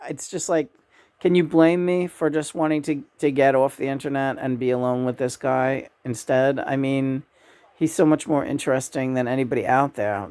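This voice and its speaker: A woman's voice: extremely low pitch, steady tone, normal speed, mellow, clear, resonant tone. A woman vlogger rambling in a casual spiritual monologue, with fillers and frank asides.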